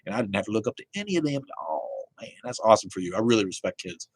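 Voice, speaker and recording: A man's voice: fairly low pitch, very animated, rapid-fire, few pauses, slightly rough, dry recording. A man from Connecticut hosting a live stream, ranting and chatting with viewers in a profane, heated way. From Connecticut, USA. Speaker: livestream host. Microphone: phone.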